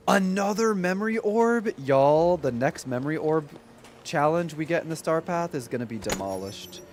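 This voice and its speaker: A man's voice: a little high, normal speed, background noise. A man streaming a game and chatting with viewers, rambling casually with lots of "like". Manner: chatty, rambling, heavy use of "like"; talks to chat while playing. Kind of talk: casual gameplay commentary.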